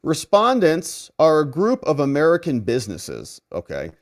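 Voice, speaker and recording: Man, lawyer host, legal commentary, sarcastic, emphatic, lively swinging pitch. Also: moderate pace. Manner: sarcastic, mocking; emphatic, animated delivery.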